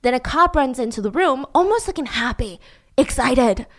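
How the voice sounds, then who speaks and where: High-voiced woman retelling a story. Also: expressive, moderate pace. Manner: chatty, filler-heavy retelling. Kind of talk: casual true-crime storytelling.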